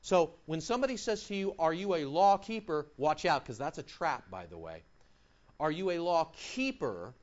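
A male pastor preaching a sermon, animated and emphatic, firing off mocking rhetorical questions. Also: fairly high pitch, normal speed, lo-fi sound.

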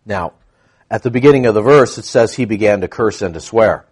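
A man's voice: lowish voice, brisk, darkish tone, breathy edge. A man preaching a conversational sermon to a congregation, teaching with frequent asides and questions. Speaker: pastor.

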